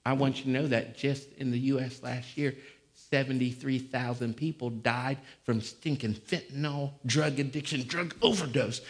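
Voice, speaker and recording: A male pastor preaching a sermon, swinging between conversational talk and sudden shouts. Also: mid-range voice, fairly even intonation, normal speed. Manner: fiery, shouting bursts between conversational stretches. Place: church. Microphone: live-streamed service mic.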